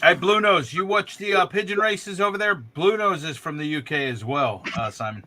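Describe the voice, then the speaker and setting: A man's voice: high-pitched, normal speed, bright, forceful tone. An American man hosting a live stream, chatting casually and reading out viewer comments. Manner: laughs often, reads out chat comments. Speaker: stream host. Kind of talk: casual chat.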